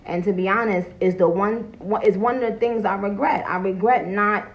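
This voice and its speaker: A woman's voice: medium pitch, normal speed, highs cut off. A woman chatting casually on a phone livestream from home, blunt and profane, laughing often and breaking off to greet viewers. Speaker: live streamer greeting viewers.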